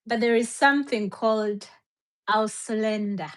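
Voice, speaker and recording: Woman guest telling her story real slow, bit high voice, hesitates a lot, throws in german words. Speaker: interview guest. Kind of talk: casual storytelling.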